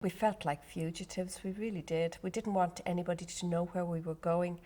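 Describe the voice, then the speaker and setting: A woman in a documentary interview, speaking in a composed, deliberate way. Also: lowish voice, little pitch movement, dark tone.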